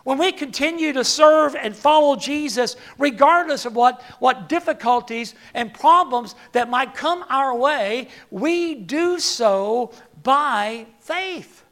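An older man preaching a sermon, halting and repeating words, then building to emphatic peaks. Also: extremely high pitch, a bit bright.

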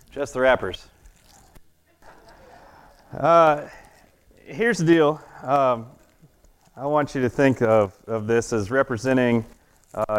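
An adult children's church teacher gives a casual children's sermon built around an object lesson, chatting playfully, questioning the kids often, and laughing at his own jokes. His mid-range voice is clear and resonant.

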